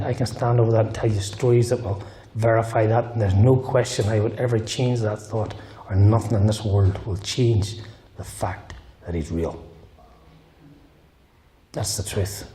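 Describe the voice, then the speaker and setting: A man's voice: on the low side, steady tone, moderate pace, warm tone, a little hiss or hum. Earnest Northern Irish man testifying. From Northern Ireland. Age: middle-aged. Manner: earnest, emphatic storytelling with repeated phrases. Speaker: guest speaker giving his testimony. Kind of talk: personal testimony in church. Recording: roomy hall with faint guitar.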